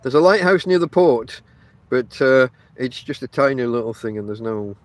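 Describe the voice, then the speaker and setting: With a mid-range, expressive voice at a moderate pace and no echo, a man from Barnsley, South Yorkshire, hosts a casual podcast monologue from inside a tent. His Northern English accent carries a chatty, rambling style that addresses listeners directly and is full of fillers.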